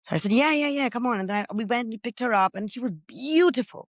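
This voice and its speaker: A middle-aged woman, a podcast guest, telling her own story with feeling, loud and gregarious by her own account. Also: on the high side, fast, no room sound. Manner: expressive, says she is loud and gregarious. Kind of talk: emotional personal storytelling.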